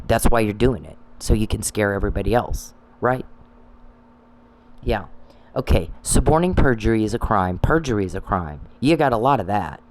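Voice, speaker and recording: A man's voice: on the low side, a little mellow, rough recording. A man delivering an angry, profane monologue that scolds people he addresses. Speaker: commentary channel host.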